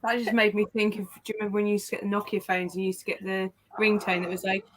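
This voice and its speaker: A woman's voice: medium pitch, flat delivery, racing. A woman from England in casual chat with friends, chatty and jokey, swearing freely.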